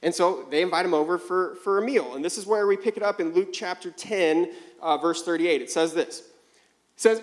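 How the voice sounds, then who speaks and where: A young man preaching a sermon as a pastor, telling a story with lively back-and-forth dialogue and acting out both voices. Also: high-pitched, brisk. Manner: animated storytelling, acts out both sides of conversations.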